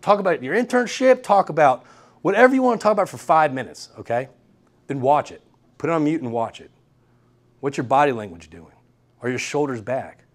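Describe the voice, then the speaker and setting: A young man speaks to a lecture room in a fairly high voice. He is energetic and repeats his main points, often checking in with the listeners. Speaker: guest lecturer. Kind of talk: university workshop talk.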